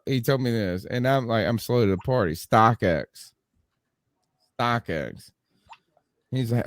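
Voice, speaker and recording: A man's voice: medium pitch, slow pace, pauses often, no room sound. Profane, laughing man hosting a podcast. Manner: animated storytelling, profane, laughs often. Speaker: podcast co-host. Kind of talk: casual chat.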